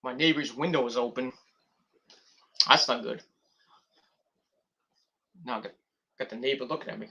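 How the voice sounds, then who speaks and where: A man's voice: medium pitch, normal speed, creaky, long pauses, bright, forceful tone, slightly rough. A man vlogging casual, rambling commentary, swearing freely and drifting off on tangents. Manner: rambling, profane, goes off on tangents. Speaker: wrestling review vlogger.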